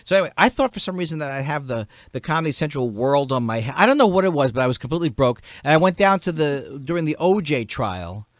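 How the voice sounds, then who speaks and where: A middle-aged man from New York with a New York accent, a comedian rambling and joking about himself in a podcast chat, sometimes jumping into loud high bits. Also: big pitch swings, fast, few pauses, dry recording. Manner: rambling, self-mocking, bursts into shouted high-pitched bits. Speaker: comedian guest.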